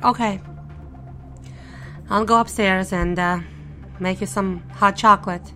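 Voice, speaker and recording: A woman's voice: medium pitch, fairly even intonation, measured pace, pushed and bright, soft background music. A young woman narrating a first-person audio drama in a nervous, wry, self-mocking way. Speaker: narrator and lead character.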